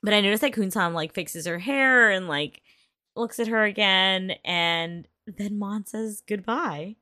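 A woman's voice: medium pitch, measured pace, pushed and bright, no room sound, clean studio sound. A woman chatting casually as she recaps a series episode, laughing often and swearing. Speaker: show recap co-host. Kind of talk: casual chat.

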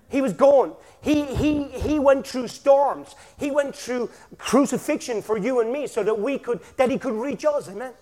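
A man preaching energetically in a church, with bursts of shouting and a constant "amen?". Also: very high voice, long reverb tail. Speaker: pastor. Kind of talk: sermon.

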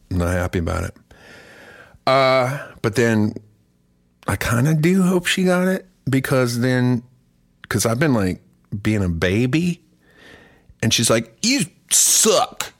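A man's voice: mid-range voice, animated, unhurried, pauses often. A musician with a cough chatting casually as host of his song club, rambling, profane and jokey. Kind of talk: casual livestream chat.

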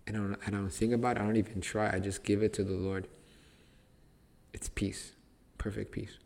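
A man's voice: lowish voice, level tone, fairly quick, creaky, a little mellow. A man hosting a podcast, teaching the Bible in casual conversation, emphatic and repetitive, restarting phrases to stress them.

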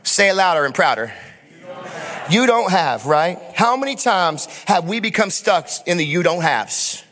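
A man's voice: sits high, big pitch swings, measured pace, a bit bright, in a large hall, slight background noise. A male pastor preaching a sermon in a church sanctuary, emphatic, with rhetorical questions and calls to the congregation.

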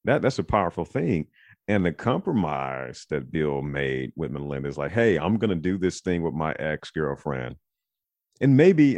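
Deep voiced guy hosting a podcast, rambles and thinks out loud, casual. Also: no echo. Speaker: podcast host.

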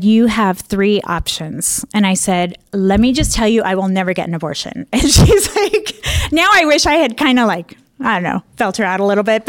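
A woman's voice: a little high, no echo. Woman, young adult, personal testimony, candid storytelling, dry close sound. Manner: candid, laughs often, many fillers and restarts. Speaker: speaker sharing a personal testimony. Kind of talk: personal storytelling talk with slides.

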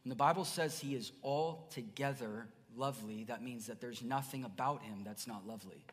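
A man preaching a sermon as pastor, earnest, dropping to soft murmurs then rising to emphatic bursts. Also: medium pitch, moderate pace. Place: church sanctuary. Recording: church hall reverb.

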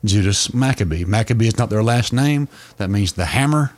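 A man's voice: on the low side, lively intonation, brisk. A man co-hosting a podcast, explaining a long story in a casual way, with frequent restarts. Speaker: podcast co-host.

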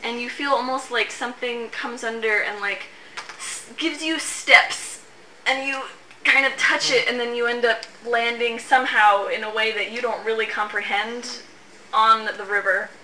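Bright-voiced woman as game master. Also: on the high side, fairly even intonation, moderate pace. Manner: casual, lots of "like" and "um". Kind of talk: narrating a tabletop game. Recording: roomy echo, faint hiss.

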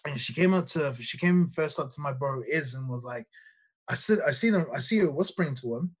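A man's voice: a little high, a little fast, husky. A man, a nightclub bouncer guesting on a podcast and telling stories in a loose, rambling way, swearing often and restarting his sentences. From New Zealand. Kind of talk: casual storytelling.

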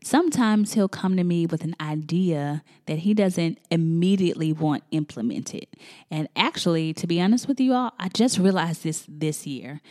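A woman's voice: on the low side, expressive, moderate pace, darkish tone. A woman in her thirties hosting a faith and family podcast, talking in an effusive, emotional, chatty way. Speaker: podcast host.

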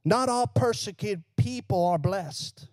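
A man's voice: high voice, expressive, slow pace, dry recording. A male pastor preaching a conversational sermon, asking the congregation questions and joking now and then.

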